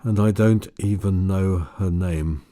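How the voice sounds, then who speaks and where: Man doing a guilt-ridden husband, audiobook, low desperate voice, dark tone. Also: fairly even intonation, a little slow, no echo, studio quality. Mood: bitter. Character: anguished grown man, haunted by guilt.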